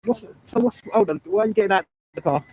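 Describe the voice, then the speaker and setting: Sarcastic high-voiced man. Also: fast, dark tone, a little hiss or hum. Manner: combative, sarcastic, dismissive. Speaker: auditor filming a police building. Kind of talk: confrontational street filming. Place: outdoors on a street.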